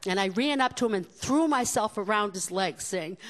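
An older woman telling personal stories to a live audience in an animated, conversational way with wry asides. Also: medium pitch, moderate pace, hardly any pauses. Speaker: storyteller.

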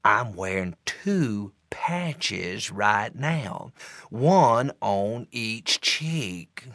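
A man voicing a brassy, loud-mouthed small-town waitress with a gravelly, smoky, coarse voice and a rambling, gossipy way of telling a story. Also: medium pitch, no echo, clean studio sound, pitched below the performer's own voice, exaggerated voice. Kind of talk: comic storytelling performance.

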